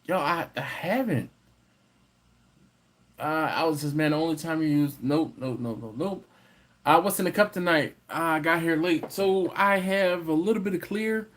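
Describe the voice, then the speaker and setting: A man's voice: fairly high pitch, moderate pace, a bit bright. A man hosting a casual livestream, reading viewer comments and teasing the chat. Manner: playful, teasing, banters with chat. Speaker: livestream host.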